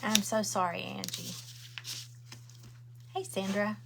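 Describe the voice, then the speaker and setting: A woman's voice: mid-range voice, steady tone, slow, creaky, noisy background. A middle-aged woman chats and rambles, answering viewer comments while she crafts at home. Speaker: craft livestream host. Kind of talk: casual chat while crafting.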